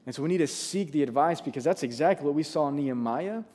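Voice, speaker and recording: A man's voice: a little high, expressive, quick pace, warm tone. A man preaching a sermon, earnest and conversational, often restarting his sentences. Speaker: pastor.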